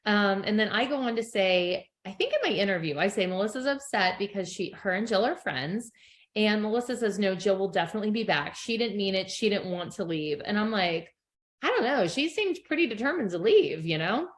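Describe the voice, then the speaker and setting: Recapping a reality show in casual podcast chat, this middle-aged female co-host talks a little fast at medium pitch. She tells stories, acts out quotes, and laughs frequently.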